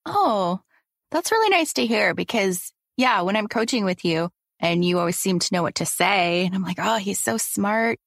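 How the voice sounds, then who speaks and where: A woman's voice: medium pitch, expressive, moderate pace, no room sound, clean studio sound. A woman who is a coaching client, speaking openly and self-reflectively, often laughing. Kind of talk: casual chat.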